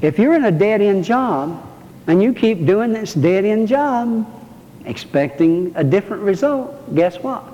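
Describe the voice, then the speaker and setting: A man's voice: high-pitched, animated, measured pace, warm tone, a little hiss or hum. A male pastor preaching a sermon in church, folksy and joking, calling out to his congregation. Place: church sanctuary. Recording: muffled, reverberant church recording.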